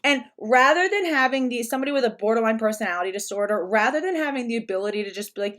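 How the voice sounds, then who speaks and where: A woman with a slightly high voice talks fast and barely pauses. She rambles through a casual commentary vlog, restarting often and filling gaps with fillers.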